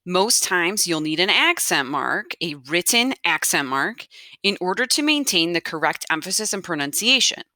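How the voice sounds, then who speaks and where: A woman's voice: on the low side, very animated, normal speed, pushed and bright, no echo, clean studio sound. Patient woman teaching a grammar lesson. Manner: patient, repeats key points, checks in with "okay?". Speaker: Spanish teacher.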